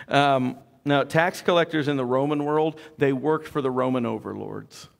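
A man's voice: mid-range voice, measured pace, vocal fry. A man preaching a sermon as pastor, in a conversational storytelling way with joking asides.

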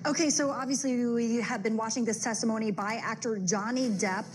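A woman news anchor giving a brisk, explanatory recap during live coverage. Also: fairly high pitch, fairly even intonation, poor audio.

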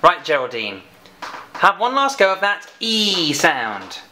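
A woman's voice: on the low side, very animated, takes it slowly, noisy background. A woman presenting a children's phonics lesson. She chats playfully and teasingly with a puppet. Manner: chatty, teasing teacher talking to a puppet.

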